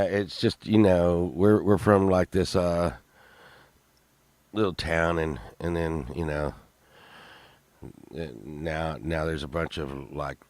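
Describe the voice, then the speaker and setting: Drawling, slow Texan man, dry mic. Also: rumbling low, no room sound. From Texas. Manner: drawling, rambling, swings between mumbles and loud outbursts. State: tired from a late night. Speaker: show host. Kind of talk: rambling casual chat.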